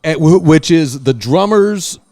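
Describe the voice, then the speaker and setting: A man hosting a casual chat, telling a story with loud acted-out quotes and frequent swearing. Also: a little high, a little slow, no echo. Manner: animated, swearing, acts out quotes loudly. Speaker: podcast host.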